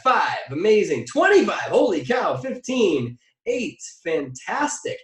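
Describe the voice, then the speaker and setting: A man coaching a motivational workshop, full of energy and firing questions at his listeners. His voice sits a little high for a man and sounds a bit set back from the mic. The room around him rings with echo. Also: brisk. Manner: energetic, asks the audience direct questions; drills phrases by repetition. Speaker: mindset coach. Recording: echoey room, distant mic.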